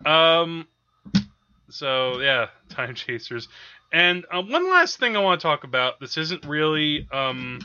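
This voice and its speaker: A male podcast co-host talks casually about films, laughing often and filling pauses with hesitations. His voice is high and strikingly bright, and the dull lo-fi audio muffles it. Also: lively intonation, a little hiss or hum.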